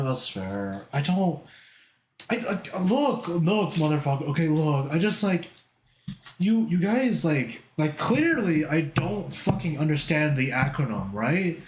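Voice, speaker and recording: A male streamer chatting with his viewers, rambling and excitable, tripping over filler words and swearing a lot. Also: on the high side, slight background noise. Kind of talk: casual chat with stream viewers. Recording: echoey room.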